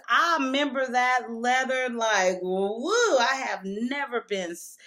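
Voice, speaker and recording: Higher-voiced woman telling a personal story. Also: expressive, takes it slowly, few pauses, fairly bright tone. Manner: candid, emotional retelling with frequent restarts. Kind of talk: casual storytelling.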